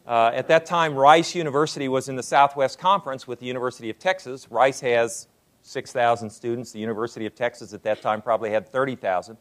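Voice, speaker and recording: A man, older, giving a lecture to an audience as a university president, unhurried and full of "uh" fillers. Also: mid-range voice, fairly bright tone.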